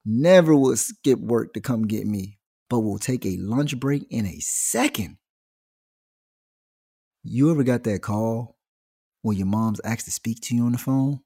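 Male comic, gravelly, animated slangy monologue. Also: mid-range voice, unhurried, pauses often. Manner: animated slangy storytelling, jumps into voices. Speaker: comedian. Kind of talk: stand-up style comic monologue.

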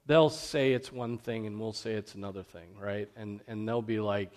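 A man's voice: medium pitch, lively intonation, measured pace, hardly any pauses, darkish tone. A man preaching a sermon in an earnest, emphatic way, often checking in with "right?".

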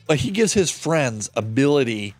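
A man's voice: medium pitch, very animated, normal speed, faint music behind. A man hosting a true-crime podcast, sarcastic and swearing freely as he reads out chat logs and comments on them. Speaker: podcast host.

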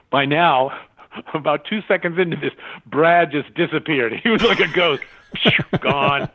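A man's voice: mid-range voice, normal speed. Older man telling stories over a tinny line. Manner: animated anecdotes, acts out quoted voices, laughs often. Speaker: interview guest. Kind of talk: casual storytelling interview. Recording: tinny phone-line sound.

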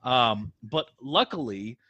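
A man co-hosting a casual live podcast, stuffy and congested from a cold, talking haltingly with many fillers. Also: mid-range voice, lively intonation, pushed and bright, slightly rough, no room sound, lo-fi sound. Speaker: podcast co-host.

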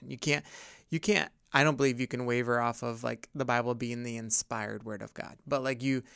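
Gravelly, smooth-voiced man chatting earnestly. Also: mid-range voice, a bit bright, dry recording, studio quality. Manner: rambling, earnest, many fillers and restarts. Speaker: podcast host and pastor. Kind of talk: casual podcast discussion.

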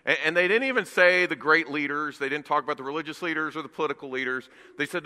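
A man preaching a sermon in a church, emphatic and rising to loud bursts. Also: fairly high pitch, quick pace, hardly any pauses, in a large hall. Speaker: guest preacher. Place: church sanctuary.

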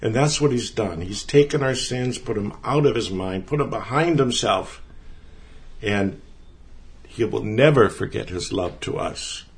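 A man's voice: fairly low pitch, expressive, unhurried. A man teaching the Bible in a conversational way, earnest and emphatic, repeating words for stress.

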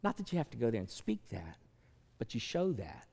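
A man preaching a sermon as pastor, in an animated manner that swings from soft asides to loud, emphatic lines. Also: mid-range voice, brisk, gravelly, husky. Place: large church sanctuary. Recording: long hall reverb.

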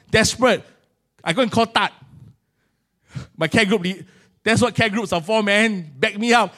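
This sermon comes from a middle-aged man with a high voice and a brisk pace, speaking Singaporean-accented English. He tells a story with lively shifts in loudness, peppered with Singlish particles.

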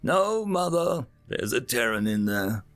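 A man voicing a composed alien noble who speaks gently and formally to his mother. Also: mid-range voice, sing-song, unhurried. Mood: patient.

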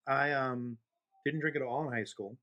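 Rambling older-sounding podcast co-host. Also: male voice, mid-range voice, moderate pace, bright, forceful tone. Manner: rambling storyteller, laughs easily. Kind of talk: casual chat.

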